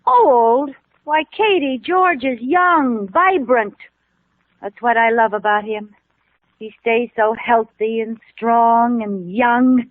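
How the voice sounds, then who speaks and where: Cheerful chatty young wife, 1950s radio comedy style, slightly high voice, thin old radio recording. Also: female voice, takes it slowly, dry recording. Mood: bubbly. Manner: bubbly, playful comic delivery. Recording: tinny old radio transcription.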